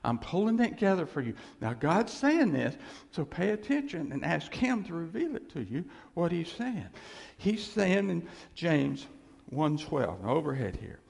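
A man's voice: a little high, big pitch swings, a little slow, vocal fry, a little mellow. A man preaching a conversational, emphatic sermon, acting out quoted voices. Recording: reverberant hall.

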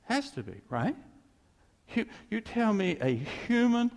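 A man's voice: very high-pitched, wildly swooping pitch, measured pace, vocal fry, darkish tone. A man preaching a sermon as a pastor, emphatic and repetitive, with chuckling asides. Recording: echoey hall reverb.

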